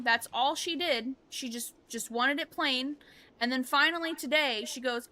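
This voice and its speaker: A woman who is a parent, livestreaming a game, telling animated stories and acting out quotes while swearing freely. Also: high-pitched, fairly quick, soft background music. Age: adult, parent of a young child. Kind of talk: casual chat on a gaming stream.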